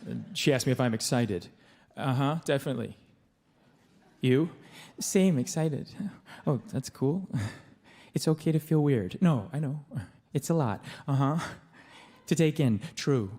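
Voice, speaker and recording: A man's voice: mid-range voice, measured pace, mellow. A man performing a stage monologue as a wry, tender young expectant father, telling his story conversationally with dry asides. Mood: wry reflective. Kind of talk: live theatrical monologue. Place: live stage in a theater with an audience. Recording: live stage with long hall reverb.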